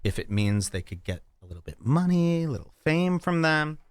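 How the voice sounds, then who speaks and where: A man talks in a casual, mocking way, his pitch swinging up and down as he reacts to clips. His voice sounds close and dry, with no room around it. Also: moderate pace, smooth, no room sound. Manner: animated, mocking, jumps between loud and quiet. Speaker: podcast host reacting to clips. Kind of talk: casual commentary.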